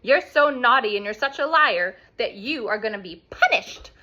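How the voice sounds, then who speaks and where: A woman voicing three bossy, gleeful lady servants with shrill, chattering voices in a puppet-show story. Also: animated, moderate pace, pushed and bright, lo-fi sound. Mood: scolding.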